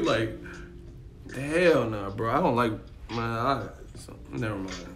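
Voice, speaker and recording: Live-streaming from Miami, a man with a medium-pitched, slow voice and lively intonation chats casually with his chat. He rambles, swears, laughs a lot and acts out voices.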